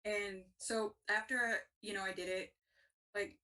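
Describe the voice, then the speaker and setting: Female co-host, animated storyteller, mid pitch, slightly distant pickup. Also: measured pace. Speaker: podcast co-host. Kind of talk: casual storytelling.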